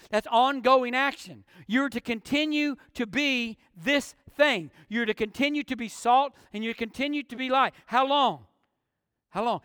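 A man delivers a sermon with an emphatic preaching manner. His voice sits very high for a man. The recording is dry up close but carries a long hall reverb behind it. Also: a bit bright. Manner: emphatic preaching with rhetorical questions. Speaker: pastor.

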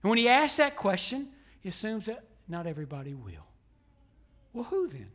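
Emphatic preaching man, high and bright. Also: wildly swooping pitch, normal speed. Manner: emphatic preaching that swings from loud declarations to hushed near-whispers. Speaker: pastor. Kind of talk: sermon. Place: church sanctuary.

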